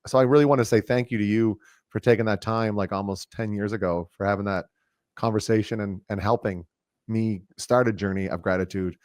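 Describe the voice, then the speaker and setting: A man hosting an interview, telling a rambling personal story with lots of fillers and animated asides. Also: on the low side, dry recording, clean studio sound. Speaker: host. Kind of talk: casual interview chat.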